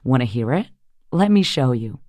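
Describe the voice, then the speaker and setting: Brief: woman, 30s, American accent, bright polished demo read, dead-dry booth sound. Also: very deep voice, big pitch swings, normal speed, no room sound. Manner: upbeat, polished delivery. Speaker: voice artist. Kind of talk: voice demo reel.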